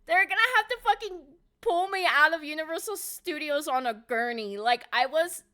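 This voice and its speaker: A young woman streaming from home, telling a story in casual chat, excitable and swearing a lot with many fillers of "like". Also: high-pitched, moderate pace. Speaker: live streamer. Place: at home by a window.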